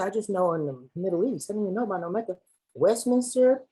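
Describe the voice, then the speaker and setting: A woman's voice: medium pitch, expressive, fast, dark tone, slightly rough, rough recording. A woman from Los Angeles facilitating an online workshop over a video call in a playful, slangy, chatty way. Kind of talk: lively online workshop hosting.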